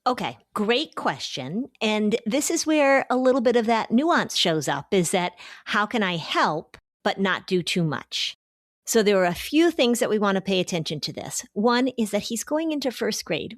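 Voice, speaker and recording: A middle-aged woman hosting a podcast, talking in an expressive, encouraging way and explaining with everyday examples. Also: medium pitch, moderate pace, no room sound, studio quality. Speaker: podcast host and anxiety therapist. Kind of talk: casual podcast chat.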